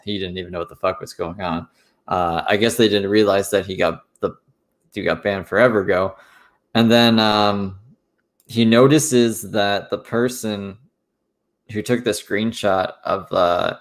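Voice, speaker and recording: A man's voice: lowish voice, fairly even intonation, moderate pace. A man streamer recounting online drama in casual, rambling commentary, swearing freely.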